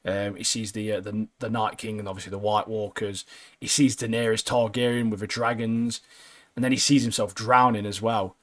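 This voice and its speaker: A man's voice: lowish voice, flat delivery, normal speed, fairly bright tone. A young man, co-hosting a podcast, chatting casually, laughing often and saying "mate" a lot. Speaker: podcast co-host. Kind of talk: casual chat.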